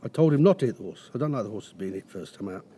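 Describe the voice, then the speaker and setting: Husky mellow man telling stories. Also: fairly low pitch, lively intonation, very fast. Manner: rambling anecdotes with restarts and acted quotes. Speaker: racehorse trainer, guest. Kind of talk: casual storytelling interview.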